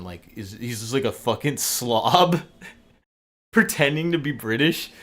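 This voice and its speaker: Streamer, male, lowish voice, loose rambling delivery peppered with swearing. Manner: rambling, profane, lots of fillers. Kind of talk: casual livestream monologue.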